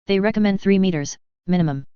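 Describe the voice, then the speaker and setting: A woman voicing a sly male tech who explains things in a matter-of-fact way, in a clear voice. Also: medium pitch, fast, no room sound, dull audio, natural voice. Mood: explaining.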